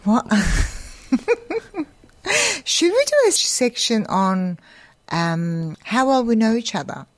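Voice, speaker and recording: A woman's voice: mid-range voice, big pitch swings, takes it slowly, long pauses, no echo. A woman co-hosting a podcast in casual chat, teasing her co-host and laughing often.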